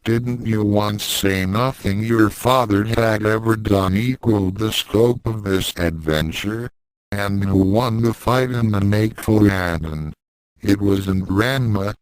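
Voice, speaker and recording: A man's voice: on the low side, clean tone, no room sound, rough recording. A man reading fan fiction aloud and voicing a sarcastic, mind-reading invisible cat with a dry, mocking manner.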